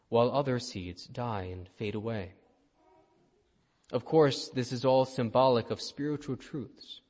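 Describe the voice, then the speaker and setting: A man, a priest, giving a sermon and telling a story in a gentle way. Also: medium pitch. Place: church. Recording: long church reverb.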